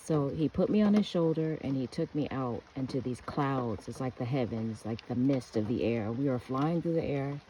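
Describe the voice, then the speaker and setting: A woman's voice: extremely low pitch, animated, moderate pace, few pauses, warm tone, slight background noise, poor audio. An American woman telling an earnest, rambling personal story with restarts. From United States. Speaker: speaker giving a testimony.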